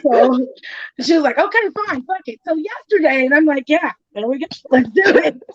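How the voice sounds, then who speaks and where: A woman hosting a podcast in casual chat, telling an animated story, acting out what others said and swearing freely. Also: high voice, moderate pace, highs cut off. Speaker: podcast host.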